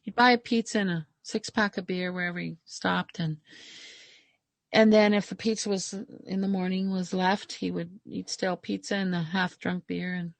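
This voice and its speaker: A woman naturopathic doctor telling lively stories in a casual podcast chat, acting out the people she quotes. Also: fairly low pitch, moderate pace, creaky, no room sound.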